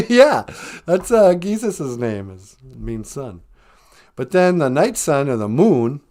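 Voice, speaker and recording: Low-key deadpan guy hosting a podcast, soft voice, pitch moves around. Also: slow pace. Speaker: podcast host. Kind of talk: casual comedic podcast chat.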